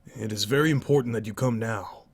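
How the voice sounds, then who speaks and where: A man's voice: lowish voice, a little fast, breathy edge. A man reading as an insistent hunter. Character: male hunter, urgent and insistent.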